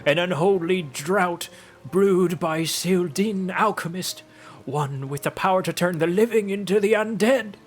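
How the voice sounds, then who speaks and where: A man voicing an old peasant woman who grieves for her son, shrill and scolding, barking "eh?" at the end of lines while reading game dialogue aloud. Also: unhurried, faint music behind. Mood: ominous storytelling. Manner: shrill, scolding, ends lines with a barked 'eh?'.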